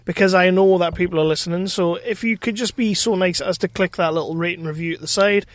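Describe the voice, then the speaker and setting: A British man co-hosts a film podcast, rambling through plugs and jokes with a bit of swearing. His voice sits fairly high. The sound is dry and close to the mic. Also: steady tone, fast, no room sound. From Britain. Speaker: podcast co-host. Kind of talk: casual chat.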